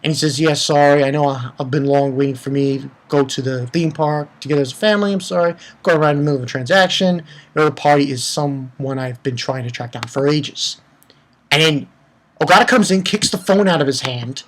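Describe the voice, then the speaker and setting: A man's voice: on the high side, animated, normal speed, fairly bright tone. Young guy hyped up reviewing a manga chapter, rambly, swears a lot. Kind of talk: casual solo review.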